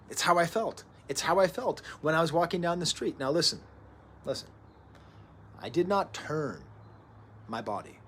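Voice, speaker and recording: Animated man reviewing records. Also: fairly high pitch, a little hiss or hum. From United States. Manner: animated, rambling, joking asides. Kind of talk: casual music analysis to camera.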